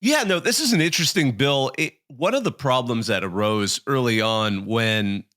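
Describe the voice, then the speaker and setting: A man's voice: mid-range voice, expressive, normal speed, fairly bright tone. A man appearing as a guest analyst on a podcast, explaining things matter-of-factly.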